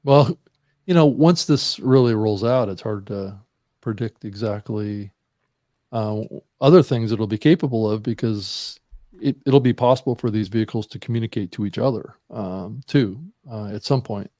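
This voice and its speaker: A man's voice: lowish voice, normal speed, warm tone, no room sound, clean studio sound. A man on a panel speaking thoughtfully, with hesitations. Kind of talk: casual panel chat.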